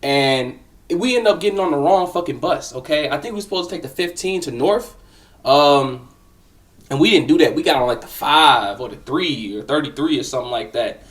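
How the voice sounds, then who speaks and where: A man's voice: a little high, lively intonation, brisk, a bit bright, recorded from a distance. A young man casually telling a personal story, slangy and profane, talking straight to the listener.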